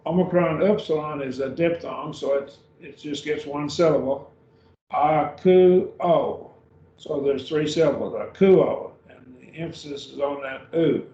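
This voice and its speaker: A man teaching a beginning Greek grammar class, slowly repeating each word several times. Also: a little high, darkish tone, slight background noise. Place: classroom or church room. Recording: echoey room, dull lo-fi sound.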